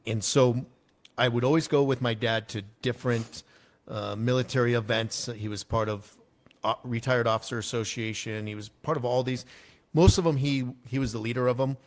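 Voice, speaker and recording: A man in his forties who grew up in Arizona talks as a guest on a casual podcast. He rambles through his own story with frequent ums and uhs, and his voice sits at an ordinary middle pitch for a man. Now and then he jumps into the voices of the people he is describing. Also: moderate pace. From United States (Arizona). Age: 40s. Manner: lively storyteller, acts out quoted people, many fillers.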